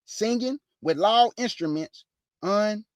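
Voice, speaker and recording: A woman hosting an informal Bible teaching, reading verses slowly and firmly and breaking in with pointed rhetorical questions in a casual, plain-spoken way. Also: mid-range voice, lively intonation, no echo, clean studio sound. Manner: casual, plain-spoken, addresses listeners as "y'all".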